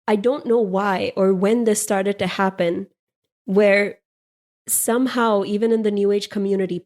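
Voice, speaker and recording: A woman's voice: medium pitch, darkish tone. A woman hosting a podcast, giving a playful, irreverent spiritual monologue with frequent laughs. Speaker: podcast host.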